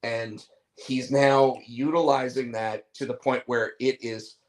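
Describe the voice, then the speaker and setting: A man with a voice of ordinary pitch co-hosts a relaxed wrestling talk show. He speaks his mind with a dry, joking edge and answers his co-host in a loose, conversational way. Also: slow, rough recording. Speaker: podcast co-host. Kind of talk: casual wrestling chat.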